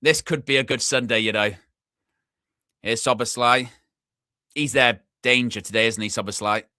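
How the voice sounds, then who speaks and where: A young man hosting a live football watchalong, chatty and excitable, shouting when his team scores. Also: mid-range voice, normal speed, no echo, studio quality. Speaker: fan watchalong host.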